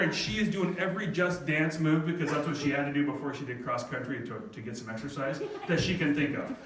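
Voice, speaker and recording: A middle-aged man telling a personal story to an audience, animated and self-mocking, often laughing. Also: on the high side. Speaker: speaker at a live event. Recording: echoey hall from far off, faint noise.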